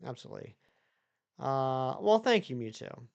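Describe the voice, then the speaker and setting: A man's voice: medium pitch, very animated, moderate pace, creaky, darkish tone, muffled recording. A man live-streaming who chats loosely with viewers, reads their messages aloud and rambles with many restarts. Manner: rambling, chatty, reads chat aloud and answers it. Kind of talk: casual live-stream chat.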